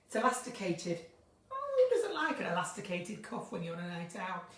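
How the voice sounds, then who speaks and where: A woman's voice: on the low side, big pitch swings, fairly quick. A woman hosting an unscripted live chat, giggly and rambling from one topic to the next. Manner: giggly, chatty, drifts between topics. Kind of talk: chatty unscripted live stream. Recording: echoey room, somewhat far from mic.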